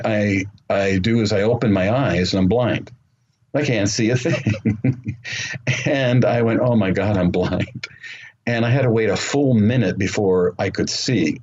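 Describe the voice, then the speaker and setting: Deep-voiced man recounting an experience. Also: darkish tone. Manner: earnest, unhurried storytelling with many fillers. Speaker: interview guest. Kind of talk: storytelling interview. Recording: muffled remote call audio with faint noise.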